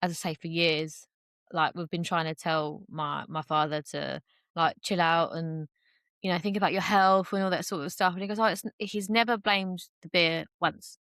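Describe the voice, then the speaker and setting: As a podcast guest, a young woman talks openly in casual conversation, chatty and full of fillers, and acts out the voices she quotes. Her lowish voice is clear, resonant and fairly bright, with fairly even intonation at a moderate pace, recorded in studio quality with no echo.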